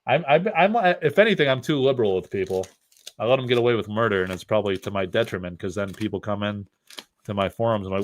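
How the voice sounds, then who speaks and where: A man's voice: fairly low pitch, lively intonation, fast talker. Rambling man hosting a livestream. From upstate New York. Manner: rambling, heavy on fillers. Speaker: host of a card-opening stream. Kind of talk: casual livestream chat.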